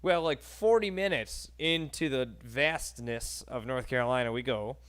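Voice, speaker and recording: A man in his thirties with a New York accent hosts a casual interview, his medium-pitched voice clear and resonant at a normal pace. An animated storyteller, he acts out quotes and laughs often.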